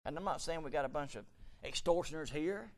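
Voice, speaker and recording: A middle-aged man preaching a fervent sermon in a church, swinging from quiet storytelling to loud shouting. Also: a little high, expressive, brisk. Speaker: pastor. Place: church sanctuary.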